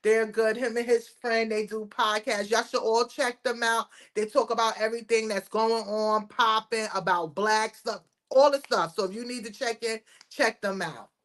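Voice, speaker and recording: A woman co-hosting a casual talk show, animated and gushing, peppering her speech with "you know". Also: on the high side, normal speed, hardly any pauses. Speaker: co-host. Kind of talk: casual chat.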